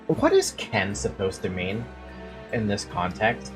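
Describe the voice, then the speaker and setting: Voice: low-pitched, huge pitch swings, unhurried. A let's-play streamer reacting to a game with frequent swearing and exasperated asides. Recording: faint game music behind.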